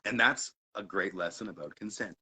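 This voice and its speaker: A man hosting a casual chat, telling a story with lively swings between loud and quiet and frequent laughter. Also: fairly low pitch, normal speed, slightly rough, poor audio. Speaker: podcast host.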